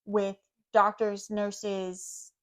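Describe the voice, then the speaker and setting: A woman in a mid-range voice co-hosting a casual podcast. She talks emphatically and swears freely, swinging between loud outbursts and quiet asides. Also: mid-range voice, monotone, drawn-out words. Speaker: podcast co-host.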